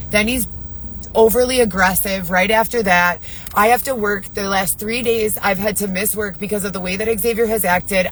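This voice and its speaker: A woman's voice: medium pitch, a bit bright, a little hiss or hum, rough recording. A woman talking to camera in her car, rambling in an agitated, profane way as she vents to her viewers. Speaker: vlogger. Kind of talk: venting monologue to camera.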